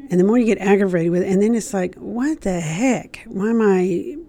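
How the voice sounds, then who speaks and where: A woman's voice: mid-range voice, moderate pace, warm tone. A woman giving a casual Christian devotional talk, speaking conversationally and often repeating herself as she acts out an inner accusing voice.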